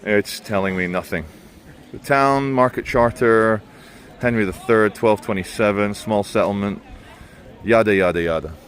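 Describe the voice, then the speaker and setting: A man's voice: fairly low pitch, normal speed. A man giving blunt, sarcastic commentary in a vlog while walking outdoors through town streets. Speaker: vlogger.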